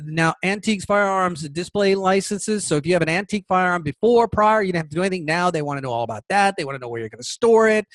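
A man's voice: sits high, no echo. A man hosting a political commentary podcast, reading legal text aloud and reacting with emphatic indignation. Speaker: podcast host.

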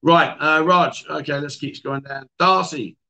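This man speaks at a measured pace in a slightly high voice that is creaky, bright and forceful, with a steady tone. He hosts a casual livestream from an indoor bar or venue, chatting, joking, reading out viewer comments and teasing his guests.

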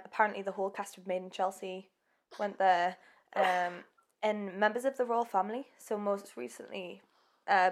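A woman co-hosting a casual true-crime podcast, telling the story in a chatty, giggly way with many ums. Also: mid-range voice. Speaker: podcast co-host.

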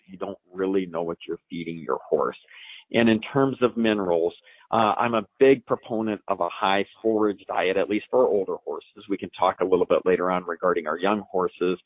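A man's voice: on the low side, no echo. A man in his forties, an expert answering a listener's question on a live show, talking in a folksy, explanatory way with plenty of fillers. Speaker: equine science expert. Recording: dry, phone-like line.

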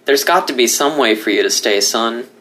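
A man's voice: mid-range voice, animated, moderate pace, a bit bright, natural voice, rough recording. A man voicing a grieving older male fox father who begs with emotion. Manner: emotional, begging.

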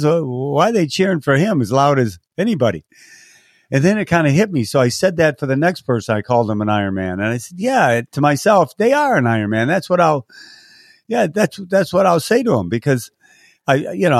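A man's voice: mid-range voice, no room sound, studio quality. Older man, race announcer telling stories. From San Diego, California. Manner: animated, acts out quotes with lifted voice. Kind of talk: storytelling interview answers.

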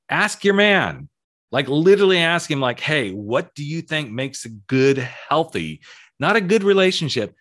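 A man over forty who grew up in the American South, hosting a solo advice podcast in a chatty, cheeky, emphatic way. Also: fairly bright tone. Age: 40s or older. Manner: chatty, cheeky and emphatic, with swings in pitch and pace. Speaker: podcast host.

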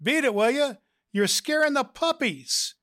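A man voicing a rude, wisecracking pet-shop parrot that hurls brash insults in a high, squawky voice. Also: animated, unhurried, sharp tone, no echo, clean studio sound, heavily acted. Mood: brash taunting.

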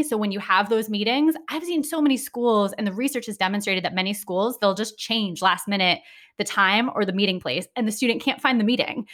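A woman speaking as an interview guest, explaining her ideas in a clear, lively, conversational way with occasional restarts. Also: mid-range voice. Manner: articulate, lively, thinks aloud with restarts. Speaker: education consultant guest.

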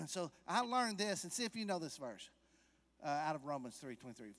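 A man preaching a sermon to a church congregation in a conversational way, putting questions to the listeners and rising to loud, emphatic peaks. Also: on the high side, animated, a little fast, long reverb tail. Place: church sanctuary.

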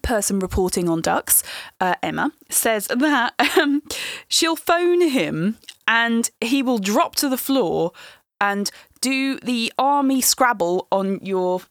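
A woman's voice: fairly high pitch, expressive, slow, no room sound, studio quality. Chatty laughing woman podcast host. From England. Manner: chatty, laughs often, playful. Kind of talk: casual chat.

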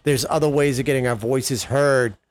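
A man's voice: mid-range voice, steady tone, moderate pace. Impassioned male political commentator. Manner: impassioned, rising to indignant questions. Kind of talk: opinion commentary monologue.

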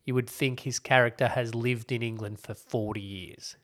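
A man's voice: mid-range voice, steady tone, normal speed, a bit bright. A man, co-hosting a casual podcast chat and explaining a TV show at length with wry asides. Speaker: podcast co-host. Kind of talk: casual chat reviewing TV shows.

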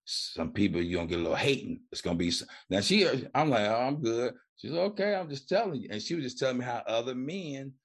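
A man's voice: mid-range voice, animated, fast, few pauses. A middle-aged man, a recovery coach, telling his story in a casual interview, colloquial, acting out the voices he quotes. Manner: colloquial, repeats "man" and "you know". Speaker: recovery coach and podcast guest.

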